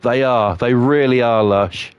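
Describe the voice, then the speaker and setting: A man's voice: medium pitch, measured pace, smooth, dry recording. Sweary man ranting on stream. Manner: profane, ranting, heavy swearing. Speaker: game streamer. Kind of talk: live gameplay stream chat.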